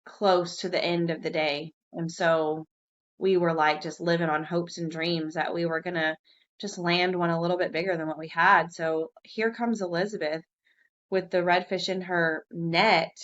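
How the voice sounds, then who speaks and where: A woman co-hosting a podcast, telling a fishing story in casual chat, lively and swearing casually. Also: moderate pace, dull audio. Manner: animated, jumps high when quoting herself, swears casually. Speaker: podcast co-host.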